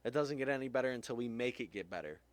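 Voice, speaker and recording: A man's voice: mid-range voice, animated, fast, dry recording. A man hosting a podcast, ranting heatedly, swearing often, his voice jumping up when he gets angry. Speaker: podcast host. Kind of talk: impassioned rant.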